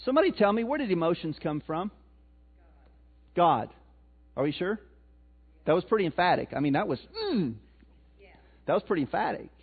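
This pastor's notably high, husky voice has a sing-song quality as he chats with his congregation, throwing questions out to them at normal speed with long pauses. The audio is thin and tinny, as if heard over a phone line.

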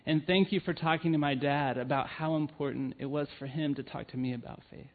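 A man's voice: on the high side, fairly even intonation, brisk. A man giving a sermon, telling personal stories in an earnest way with frequent "um"s. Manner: earnest storytelling with frequent fillers. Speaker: church family ministry leader. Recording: tinny phone-like sound.

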